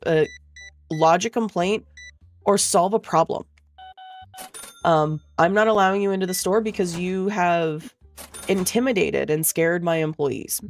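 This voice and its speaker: A woman's voice: fairly low pitch, measured pace, long pauses, soft background music. A young woman streamer telling a rambling, swear-laden story in a casual way, full of fillers. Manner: profane, rambling, filler-heavy.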